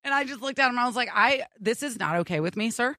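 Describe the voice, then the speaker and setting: A woman's voice: a little high, lively intonation, fast, sharp tone, dry recording, clean studio sound. A young woman co-hosting a morning radio show, telling a story with lots of laughter and acted-out dialogue.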